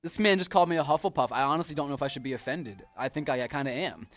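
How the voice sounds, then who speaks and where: A man's voice: a little high, rapid-fire, fairly bright tone, faint music behind. A young man co-hosting a casual live stream, bantering playfully with his partner. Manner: playful banter, mock offense. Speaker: stream co-host.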